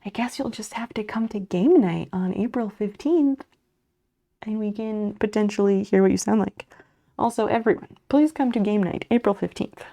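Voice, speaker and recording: A woman's voice: medium pitch, moderate pace, warm tone. A woman streamer chatting casually with her viewers while she crochets, muttering and swearing under her breath as she works. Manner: chats back to viewers' messages.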